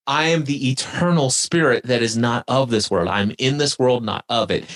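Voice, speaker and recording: A man on a podcast, talking reflectively about spiritual awareness and leading the listener through spoken exercises. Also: medium pitch. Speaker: podcast guest. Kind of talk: casual spiritual conversation.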